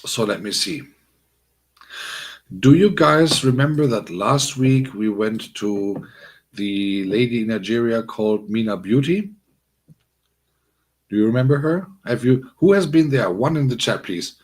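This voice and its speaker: A man's voice: mid-range voice, expressive, measured pace, pauses often. A man hosting a casual livestream, talking to his chat in a rambling, chatty way with many fillers. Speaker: livestream host.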